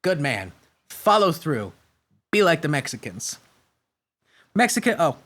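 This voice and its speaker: Hosting a podcast, a man from the United States works through news stories out loud, stumbling over names often and layering on crude, sarcastic jokes. His voice is high-pitched with a fairly bright tone.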